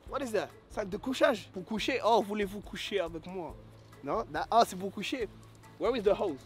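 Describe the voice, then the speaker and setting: A man's voice: sits high, animated, brisk, soft background music. Whiny slangy young man. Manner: slangy and whiny, says "bro" constantly; mixes in French words. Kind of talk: joking complaining vlog.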